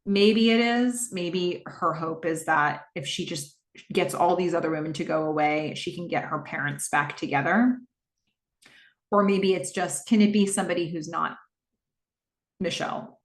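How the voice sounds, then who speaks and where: A woman's voice: fairly low pitch, normal speed. A woman hosting a podcast, recapping a TV episode in a reflective way and asking her listeners what they think, with frequent fillers. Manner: reflective, asks listeners questions; narrates scenes with frequent fillers. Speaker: podcast host. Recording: echoey room.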